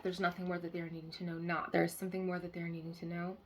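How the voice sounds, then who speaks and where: A woman's voice: lowish voice, level tone, fast talker, few pauses. A woman giving a live-streamed channeled card reading as a spiritual healer, earnestly repeating key phrases and checking in with listeners.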